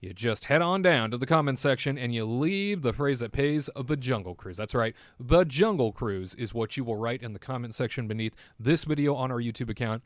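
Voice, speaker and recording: A man hosting a theme park news livestream, delivering an animated, showy hype-man intro with playful put-on voices. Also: mid-range voice, no echo, clean studio sound.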